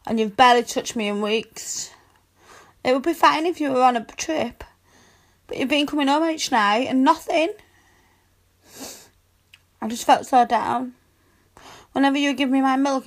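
A woman voicing a needy, pouty young adult cat girl in an adult audio role-play, whining and pleading, with meows mixed in. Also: high voice. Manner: whiny and pleading, sprinkled with meows.

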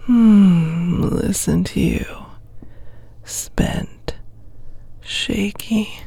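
Slow breathy woman, whispered role-play. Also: mid-range voice, darkish tone, no room sound. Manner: slow, commanding, coaxing whisper. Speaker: ASMR performer.

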